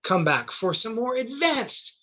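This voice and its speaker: Bright-voiced man hosting a stage show. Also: extremely high pitch, very animated, measured pace. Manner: chatty, with fillers, laughs at own jokes. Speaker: host. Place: theatre stage. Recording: dull lo-fi recording.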